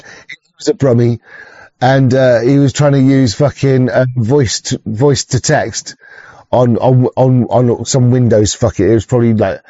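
With a warm mid-range voice, a man hosts a rambling, casual livestream, swearing often, stumbling through restarts and chuckling as he greets chatters. The recording is dry with the highs cut off.

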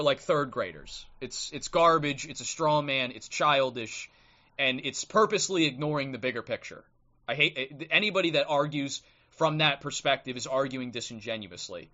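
A livestream host with a mid-range voice keeps a moderate pace, his tone pushed and bright and the highs cut off. Speaking into a streaming microphone, he rants bluntly and combatively, tacking on "okay?" often, then reads aloud from a book.

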